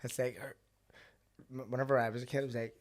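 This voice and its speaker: A man with a Belfast accent hosting a podcast, telling animated stories with plenty of swearing and acted-out quotes. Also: mid-range voice, fast talker. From Northern Ireland. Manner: animated storyteller, swears freely, acts out quoted voices. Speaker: podcast host. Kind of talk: casual chat.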